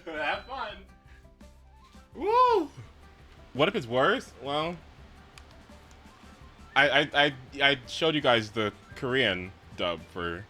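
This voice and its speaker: A young man live-streaming a video game in casual chat, swearing often and swinging from mumbles to shouts. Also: mid-range voice, lively intonation, slow pace, faint music behind.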